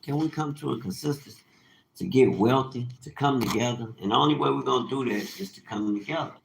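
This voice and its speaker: Guy going off, preachy and cussing a lot, gravelly fry in his voice, hissy noisy audio. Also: medium pitch, brisk. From United States. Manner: blunt, profane, preachy, emphatic. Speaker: self-described teacher. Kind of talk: casual ranting monologue. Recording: noisy recording.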